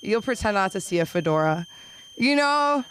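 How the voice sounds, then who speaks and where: A young woman doing an open mic stand-up set, rambling with quick self-deprecating asides. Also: medium pitch, expressive, a bit bright, a little hiss or hum, poor audio. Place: small comedy club.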